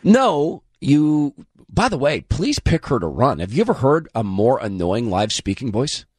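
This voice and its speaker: A man hosting political commentary, delivering scripted segments with a mocking, scornful edge while hoarse. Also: medium pitch, big pitch swings, unhurried, no room sound, studio quality. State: hoarse, losing his voice.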